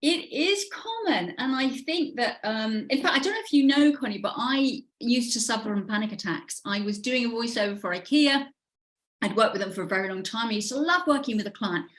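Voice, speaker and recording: A middle-aged woman, a guest coach who talks thoughtfully and pauses often with fillers. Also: on the high side, lively intonation. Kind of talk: conversational interview.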